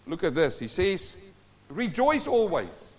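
Preaching slowly with huge swings in pitch, this pastor's voice sits high as he exhorts the congregation, poses rhetorical questions and sings a hymn line. It's captured in a church hall that sounds dull and echoes at length.

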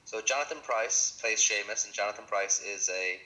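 A man's voice: on the low side, normal speed, bright, forceful tone, rough recording. A man co-hosting a film podcast in casual chat, prompting the others with questions. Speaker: podcast co-host.

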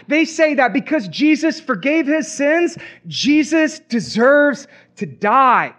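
A man's voice: very high-pitched, sing-song, slow pace, few pauses, a bit bright. A man preaching a sermon as pastor, emphatic, with rhetorical questions, repeated phrases and playful asides.

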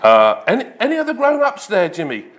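A man's voice: high voice, huge pitch swings, a little fast, fairly bright tone, voice pushed up, full character voice. A man voicing a salesman on the phone who keeps asking questions. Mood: questioning. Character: chatty adult male phone salesman.

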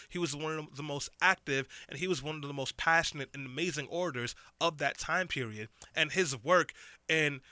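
Sarcastic guy in his late 20s hosting a radio talk show, bright voice, dry studio sound. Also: fairly high pitch, dry recording. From United States. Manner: sarcastic, rambling. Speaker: radio host. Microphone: studio mic.

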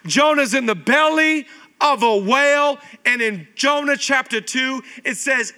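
A male pastor in his thirties preaching a sermon, animated, firing rhetorical questions at the congregation. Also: extremely high pitch, a little slow. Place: church stage.

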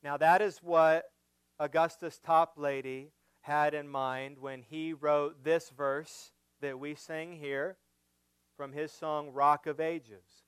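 A man preaching an expository sermon, building to emphatic, louder points as he drives home his argument. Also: fairly high pitch, level tone, clean tone, dry recording. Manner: slow, emphatic preaching that rises when stressing a point. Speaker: pastor.

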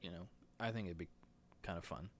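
A man's voice: low-pitched, a little fast, a little hiss or hum. Rambling, nervous young man ranting. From United States. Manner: rambling, crude and profane, laughs at his own jokes; nervous and short of breath. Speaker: podcast host. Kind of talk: solo podcast rant. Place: indoors, talking alone into a mic.

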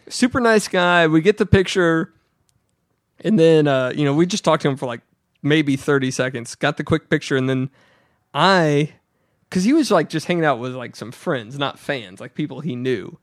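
A man's voice: normal speed, no echo, clean studio sound. A man co-hosting a podcast who tells a story in casual chat and acts out the quotes. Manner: animated storyteller, acts out quotes with pitch jumps. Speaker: podcast co-host.

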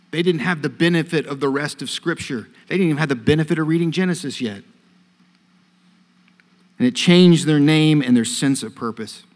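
Earnest male preacher in a hall. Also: medium pitch. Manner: earnest storytelling, swells louder on key phrases. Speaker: pastor. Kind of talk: sermon. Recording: long hall reverb.

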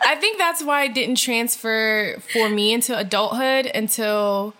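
A woman co-hosting a podcast, sharing reflective stories in casual, expressive chat. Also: on the high side, measured pace. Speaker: podcast co-host.

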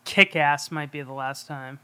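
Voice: medium pitch, steady tone, unhurried, pushed and bright, clear, resonant tone. Podcast co-host talking movies, mid-range voice, laid back, jumps in a lot. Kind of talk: casual film review chat.

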